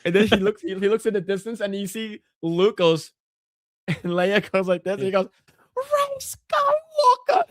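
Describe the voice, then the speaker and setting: A man co-hosting a podcast in casual chat, swearing often and acting out scenes in squeaky put-on voices. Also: level tone, normal speed, no room sound, clean studio sound. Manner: profane, laughing, acts out scenes in high voices. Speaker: podcast co-host.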